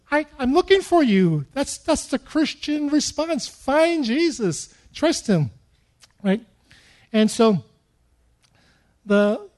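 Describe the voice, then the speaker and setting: A middle-aged man preaching a sermon, telling stories and acting out his own prayers with lively, animated delivery. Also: sits high. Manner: animated storytelling with acted-out prayers. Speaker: pastor.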